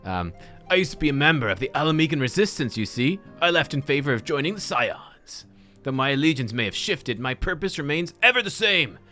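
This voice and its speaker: A man's voice: on the high side, sing-song, fairly quick, sharp tone, soft background music, voice pushed up. A man voicing a brawny male resistance fighter in a drawling, stretched-out cartoon-hunk style, reading game dialogue aloud. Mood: swaggering.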